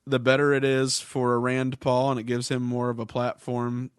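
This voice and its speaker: A man's voice: mid-range voice, monotone, normal speed, smooth, no echo. A male podcast co-host explaining politics in a casual chat, with dry humor. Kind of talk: casual discussion.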